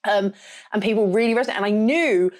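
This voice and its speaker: A young adult woman from the south of England with a slight rural southern English accent, hosting a casual solo podcast in a loud, direct and blunt way. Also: medium pitch, fast. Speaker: podcast host and photographer.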